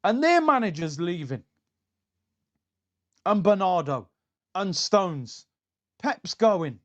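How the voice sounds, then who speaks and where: A man hosting a fan live stream, reading viewer messages in an excitable, slangy way. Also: sits high. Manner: excitable and slangy, fast shifts between calm and fired-up. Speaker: fan channel host.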